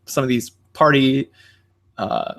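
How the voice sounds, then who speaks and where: A man co-hosting a podcast in casual chat, rambling with many fillers and animated quoting. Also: medium pitch, takes it slowly, creaky. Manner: animated, jumps into quoting others. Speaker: podcast co-host.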